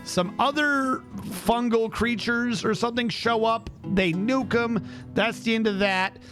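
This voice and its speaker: Man, streamer, high voice, rambling incredulous chat, faint guitar music behind. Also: unhurried. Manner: animated, rambling with restarts and incredulous asides. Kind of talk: casual chat while streaming a game.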